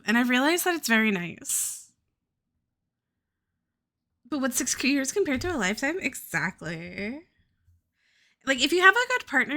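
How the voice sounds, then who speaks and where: A bright, lively young woman from the American South chats with her stream viewers in an easy, rambling way. Her pitch is on the high side and jumps around a lot, and she swears freely. Her talk is packed with "like". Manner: chatty, heavy "like" filler, swears freely. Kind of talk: casual chat with chat.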